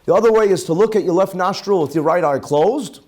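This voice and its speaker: A man who is a rabbi, teaching a Talmud class and explaining each term twice, with Hebrew and Yiddish words mixed in and lively rhetorical questions. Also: high voice, fairly quick.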